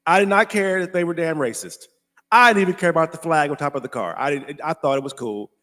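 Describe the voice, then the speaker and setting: An American man hosting a casual commentary show, talking emphatically, repeating himself and slowing down to stress his points. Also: on the high side, pushed and bright. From United States. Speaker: host.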